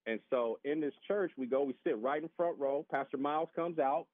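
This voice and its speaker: A man telling a casual, animated story as a podcast guest, acting out the voices of other people and often repeating his words. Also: fairly high pitch, a little fast, dry recording. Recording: tinny phone-line sound.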